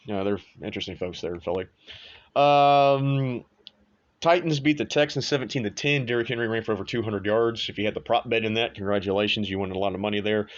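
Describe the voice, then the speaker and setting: A man with a lowish voice runs a casual sports show, blunt and quick to swear, tossing off offhand asides as he goes. The sound is a little dull and lo-fi. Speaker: sports podcast host. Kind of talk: casual sports and betting talk.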